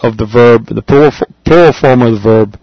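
A man teaching a language class, patiently explaining and repeating phrases slowly for his students. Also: mid-range voice, no room sound, lo-fi sound. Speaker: Spanish teacher.

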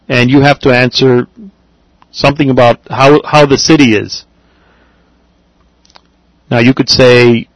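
Slow, halting teacher, man. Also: mid-range voice, steady tone, no echo, poor audio. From Latin America. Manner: halting, many fillers and repeats. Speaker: Spanish teacher. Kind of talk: classroom language lesson.

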